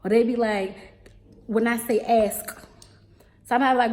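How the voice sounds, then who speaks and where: Young woman w/ baltimore accent, sassy chatty vlog, calls you baby and honey, kinda high but mellow. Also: fairly quick, pauses often. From Baltimore, USA. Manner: animated, sassy, drops into dialect with asides like "baby" and "honey". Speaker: teacher vlogger. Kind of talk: casual storytelling vlog.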